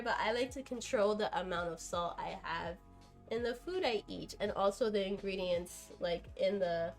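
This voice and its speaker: A young woman chats casually on a live stream while cooking in her home kitchen, her mid-range voice moving at a moderate pace, full of fillers and giggles. Soft music plays in the background, and the audio comes from a camera on a tripod.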